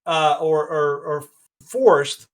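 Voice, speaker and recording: A man's voice: on the high side, slow. A man co-hosting a podcast, giving opinionated casual commentary that rambles with many restarts. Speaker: podcast co-host.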